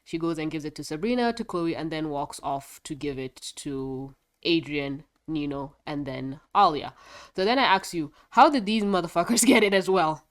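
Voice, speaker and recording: A woman with a somewhat low, stuffed-up, congested voice talks through a casual video review. She rambles, backtracks and laughs easily, a little scattered as she goes. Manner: rambling, chatty, quick to laugh; a bit foggy and scattered. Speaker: show reviewer.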